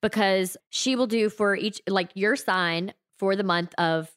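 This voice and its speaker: A woman's voice: medium pitch, a little slow, fairly bright tone, dry recording. Southern woman co-host, loose rambling talk, many fillers, medium voice, dry close recording. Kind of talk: casual chat.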